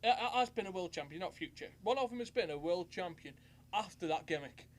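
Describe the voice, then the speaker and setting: A man's voice: sits high, lively intonation, fairly quick. A man co-hosting a wrestling podcast, laughing as he retells stories. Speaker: podcast co-host. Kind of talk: casual wrestling chat.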